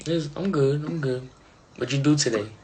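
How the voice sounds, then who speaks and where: A young Dominican man hosting a live stream over a phone video call, relaxed and amused. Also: medium pitch, moderate pace, noisy background. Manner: amused, laid-back. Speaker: livestream host. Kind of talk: casual live chat.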